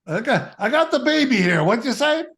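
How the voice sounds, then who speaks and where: A man's voice: extremely high pitch, very animated, moderate pace, fairly bright tone. A man hosting an interview, joking and playful in casual chat. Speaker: host.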